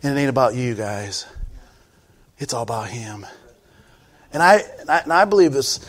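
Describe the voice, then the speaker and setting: A man preaching a sermon as pastor, swinging from quiet pleading to loud shouting. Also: mid-range voice, expressive, moderate pace.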